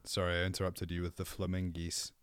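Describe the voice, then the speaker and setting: A man's voice: sits low, monotone, quick pace, a bit bright, clean tone, dry recording, studio quality. A man co-hosting a podcast in casual chat, playful and teasing, swearing often and wandering off on tangents. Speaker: podcast co-host.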